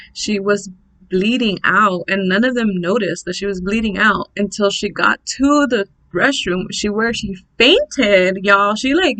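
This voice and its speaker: A young woman telling a birth story in a casual, blunt, animated vlog, swearing freely. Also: mid-range voice, rough recording.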